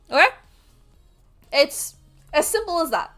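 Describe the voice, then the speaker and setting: A woman streamer telling a story in a casual, animated rant, swearing freely and able to project her voice loudly. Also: fairly high pitch, normal speed, smooth, faint music behind. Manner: can project a loud voice. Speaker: art streamer.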